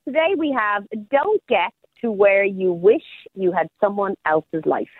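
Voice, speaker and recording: A woman's voice: medium pitch, expressive, unhurried, no room sound. Upbeat woman life coach on the phone. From Australia. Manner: upbeat and motivational. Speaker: radio life coach segment guest. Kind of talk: casual radio talk. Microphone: phone call. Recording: phone line.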